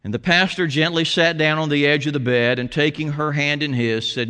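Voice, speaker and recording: A man preaching a sermon as a pastor, telling a story with quoted voices and dropping to soft, intimate tones. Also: on the high side, steady tone, brisk, hardly any pauses, clear, resonant tone. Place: church sanctuary. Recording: long hall reverb.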